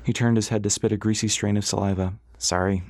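A man with a lowish voice narrates an audiobook, telling the story in a steady, measured way. The recording is clean studio sound with no room sound.

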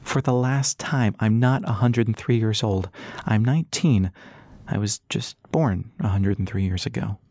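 A man's voice: lowish voice, moderate pace, darkish tone, dry recording, studio quality. A man voicing Callie, composed young woman. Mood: matter-of-fact.

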